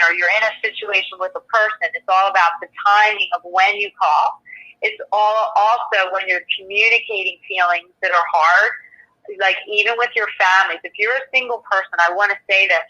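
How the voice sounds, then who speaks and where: A middle-aged woman coaching on relationships, with a bright, forceful voice. She talks animatedly and with emphasis as she walks through her slides. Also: medium pitch, muffled recording. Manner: animated, emphatic, acts out quoted dialogue. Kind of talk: guest presentation with slides.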